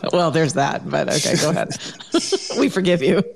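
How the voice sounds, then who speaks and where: A podcast host cutting in casually to ask a clarifying question, with quick interjections and laughing asides. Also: medium pitch, gravelly, slight background noise. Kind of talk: casual chat.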